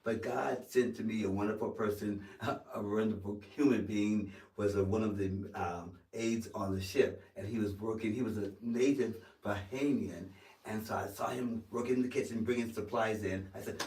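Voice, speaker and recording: A man being interviewed as an actor, telling an animated story with stammering restarts and acting out the quoted lines. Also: fairly low pitch, moderate pace. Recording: roomy sound from a distance.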